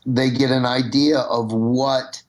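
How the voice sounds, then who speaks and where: A man's voice: mid-range voice, little pitch movement, slow pace. A middle-aged man from Nebraska, a comedian calling in as a guest and talking loosely, with many restarts. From Nebraska, USA. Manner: rambling, with restarts. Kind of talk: casual phone conversation.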